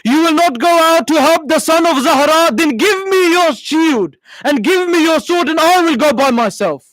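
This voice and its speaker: A man's voice: extremely high pitch, lively intonation, moderate pace, fairly bright tone, no room sound, pitched above the performer's own voice. A male preacher voicing a weeping wife who pleads to go fight in her husband's place. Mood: tearful pleading. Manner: crying, urgent pleading.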